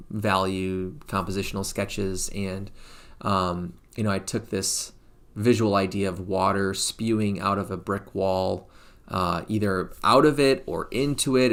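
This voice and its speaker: Low, gravelly man musing aloud. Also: steady tone, measured pace, fairly bright tone. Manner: rambling, thinks aloud with many fillers and restarts. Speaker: painter presenting his studio work. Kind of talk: casual live-stream presentation.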